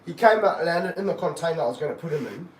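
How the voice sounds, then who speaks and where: Animated man in an echoey snake room. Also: quick pace. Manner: animated, excited bursts, then low and muttering. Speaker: snake keeper. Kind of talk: live-stream chat while handling a snake. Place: room of snake enclosures, indoors. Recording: roomy, from a distance, faint background hum.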